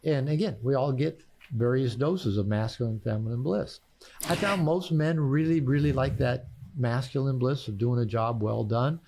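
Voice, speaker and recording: A man's voice: mid-range voice, moderate pace, creaky, mellow. An older man, a therapist and author, telling personal stories in a podcast conversation, repeating words as he restarts and laughing at his own punchlines.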